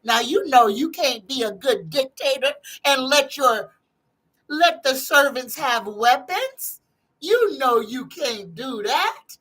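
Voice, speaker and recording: Slow, bright-voiced woman tarot host. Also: sits high, lively intonation, breathy edge, rough recording. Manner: folksy and chatty, greets viewers one by one with exclamations. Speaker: psychic tarot reader hosting a live stream. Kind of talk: casual live-stream chat and tarot readings.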